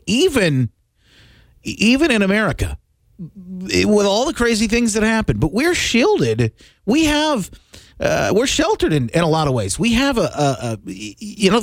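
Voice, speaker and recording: Emphatic male talk show host, high voice. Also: vocal fry, dry recording. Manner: emphatic, preachy, halting restarts. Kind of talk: live interview chat.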